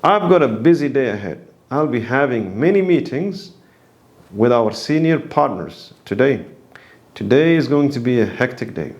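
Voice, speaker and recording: A man reading a scripted English vocabulary lesson, saying each phrase and example sentence in a slow, deliberate way. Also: mid-range voice, expressive, a little mellow, muffled recording. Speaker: English teacher.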